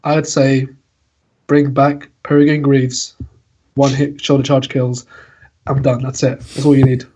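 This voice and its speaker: A man's voice: medium pitch, level tone, unhurried, warm tone, lo-fi sound, slight background noise. A man co-hosting a casual gaming podcast who speaks bluntly and emphatically. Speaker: podcast co-host.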